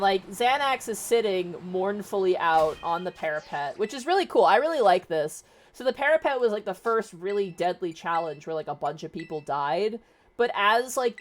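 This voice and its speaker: A woman streamer casually retelling a book, chatty and rambling, with plenty of swearing. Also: on the low side. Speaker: VTuber streamer.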